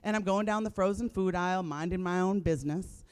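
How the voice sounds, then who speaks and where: Brisk and smooth, a woman in her thirties with a lowish voice works a live comedy stage before an audience. Her stand-up is blunt and profane, and she lands wry punchlines.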